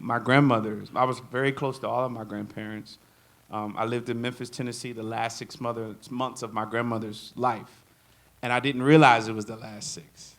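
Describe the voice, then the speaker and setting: A man's voice: mid-range voice, fairly bright tone. A man giving a live drum clinic to an audience. He jokes, laughs often and acts out quotes. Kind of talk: live workshop talk and Q&A.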